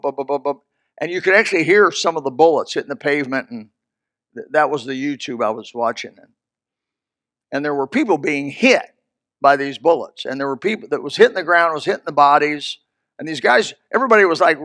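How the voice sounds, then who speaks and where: An older man preaching in a folksy way. His voice sits high and sounds gravelly, with a bright edge. He climbs to ringing shouts, then drops to quiet, hushed asides. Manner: folksy, swings from loud and high to low and hushed. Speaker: pastor. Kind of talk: sermon.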